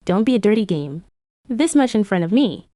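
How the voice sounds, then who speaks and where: Woman narrator, comic recap voice-over, even delivery, dry close sound. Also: medium pitch, normal speed, no room sound.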